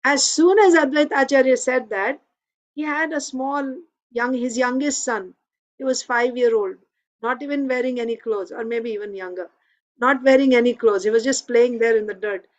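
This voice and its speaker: A woman with a somewhat high voice tells a devotional story at a scripture class. She talks conversationally and leans often on small fillers. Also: normal speed, low-quality recording. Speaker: speaker giving a scripture class.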